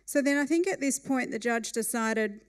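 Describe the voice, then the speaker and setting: A woman tells a comic story on stage in a wry, lively way. Her voice sits slightly high and comes across smooth and clear. She keeps the telling animated and amused. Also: normal speed.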